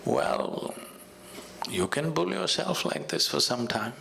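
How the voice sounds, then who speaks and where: A man with an Indian English accent, a spiritual teacher speaking in a measured, storytelling way. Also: fairly high pitch, big pitch swings, creaky, slight background noise. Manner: measured and storytelling, with soft laughs. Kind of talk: conversational teaching with a told fable.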